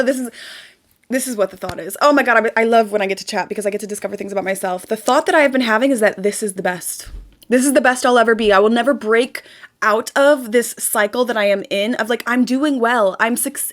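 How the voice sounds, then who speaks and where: A young woman in casual, emphatic motivational talk, repeating words and dropping to a soft whisper while guiding a ritual. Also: a little high. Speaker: spiritual vlogger.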